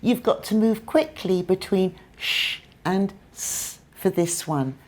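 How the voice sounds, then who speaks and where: A woman with a British accent teaching English pronunciation, modelling sounds clearly and carefully. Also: medium pitch, expressive, slow pace, darkish tone. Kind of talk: pronunciation lesson.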